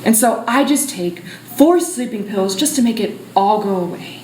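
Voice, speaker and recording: A woman's voice: medium pitch, lively intonation, moderate pace, a little mellow, echoey room, a little hiss or hum, voice pushed down, lightly acted, rough recording. A woman playing a sassy, bossy personified disorder in a solo stage show, talking in brash slang. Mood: exasperated. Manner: peppy, valley-girl slang, brash.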